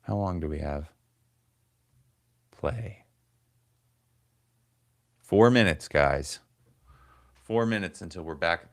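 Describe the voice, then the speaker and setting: A man's voice: low voice, slow pace, pauses often, no room sound, clean studio sound. A man in his forties hosting a casual livestream, rambling and swearing as he grumbles to his chat. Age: 40s. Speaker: comedian livestream host.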